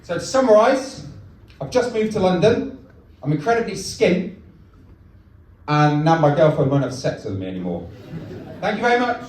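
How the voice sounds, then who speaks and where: A young stand-up comedian, deadpan and self-mocking, with a fairly high voice. He is heard from a distance in a very echoey comedy club. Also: normal speed, pauses often, background noise.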